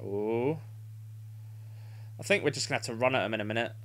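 A man's voice: medium pitch, a little fast. Frustrated swearing gamer man. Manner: frustrated, swearing, urging players on. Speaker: gamer playing a football video game. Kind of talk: live gameplay commentary.

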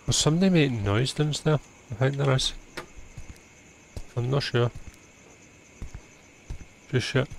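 A man's voice: medium pitch, unhurried, gravelly, long pauses, slight background noise. A young man giving profane, exasperated commentary while playing a video game. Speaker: gaming channel host. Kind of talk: let's play commentary.

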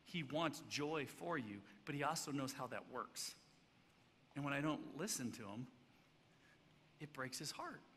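A man preaching a sermon as pastor, swinging between loud emphatic stretches and hushed, soft passages. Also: mid-range voice, lively intonation, measured pace, pauses often. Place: church sanctuary. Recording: church hall reverb, faint background noise.

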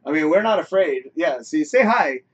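A man hosting a casual live talk show, animated and encouraging, saying "you know" a lot. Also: on the high side, moderate pace, husky, muffled recording. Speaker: host. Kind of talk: casual chat.

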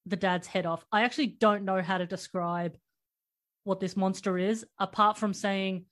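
A woman's voice: medium pitch, fairly even intonation, moderate pace. Chatty woman podcast host. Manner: chatty, laughs often while recapping. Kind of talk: casual movie chat.

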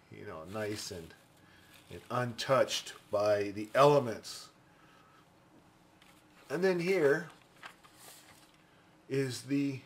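A man's voice: medium pitch, slight background noise. A man giving casual, enthusiastic unboxing commentary on a pencil, chatting and thinking aloud as he goes. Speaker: pencil reviewer.

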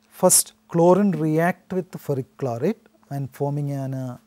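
Male lecturer, warm low-bright tone, methodical teaching delivery. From India. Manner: steady explanatory delivery with frequent "so" restarts. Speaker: chemistry teacher. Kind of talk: recorded classroom lecture.

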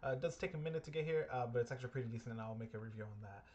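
A man's voice: medium pitch, racing, highs cut off. A young man co-hosting a casual podcast chat, talking loosely with many fillers and bursts of laughter. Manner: filler-heavy, laughs loudly. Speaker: podcast co-host.

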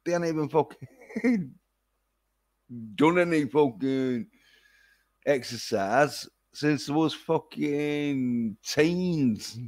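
A man's voice: a little high, extremely slow, long pauses, darkish tone. A man ranting profanely in a casual livestream. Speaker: vlogger.

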